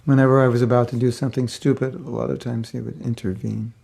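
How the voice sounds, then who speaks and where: A man's voice: medium pitch, flat delivery, quick pace, creaky, mellow, slightly rough. An older man giving a spiritual class, telling a personal story in a rambling, conversational way with many fillers. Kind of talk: casual storytelling lecture.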